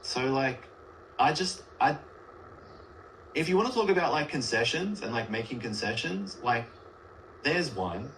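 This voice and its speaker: A man's voice: mid-range voice, lively intonation, measured pace, long pauses, a bit bright, a little hiss or hum, poor audio. A man speaking as a guest on a livestream, arguing earnestly and rambling with many filler words. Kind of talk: casual debate on a livestream.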